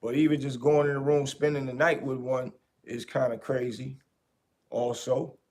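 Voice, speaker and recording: A podcast host talking in a casual, animated way, repeating his points for emphasis. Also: medium pitch, normal speed. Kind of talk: casual commentary.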